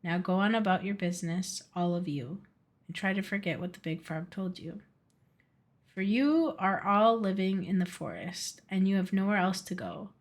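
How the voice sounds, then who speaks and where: Storybook Ice King, stern and regal, slow hushed delivery, lowered voice, read by a woman. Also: lively intonation. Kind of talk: reading a storybook aloud.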